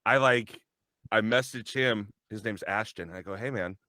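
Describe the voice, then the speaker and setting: A man's voice: fairly low pitch, moderate pace, pushed and bright, no echo. A young adult man chatting casually on a livestream, telling a rambling story with laughs and acting out quotes. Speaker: voice actor and guest on a developer livestream.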